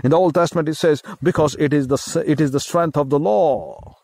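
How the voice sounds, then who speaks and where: A man with an Indian English accent preaching a sermon as a pastor, in a slow, emphatic style with repeated phrases. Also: fairly high pitch, gravelly, a little mellow, no room sound.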